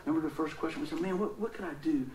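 A man's voice: a little high, rapid-fire, a little mellow, reverberant, recorded from a distance, a little hiss or hum, rough recording. A man preaching a casual, folksy sermon, telling stories and laughing often.

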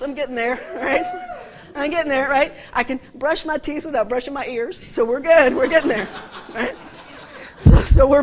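A woman delivers a conversational sermon in a high, bright voice. She preaches with animated emphasis and keeps turning to her listeners with direct questions.

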